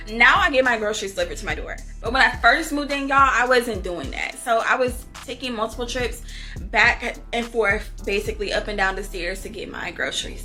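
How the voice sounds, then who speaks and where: A woman book review vlogger with a fairly high, sharp voice tells personal stories to her viewers candidly and casually. She laughs often, calls them y'all, and isn't from Houston.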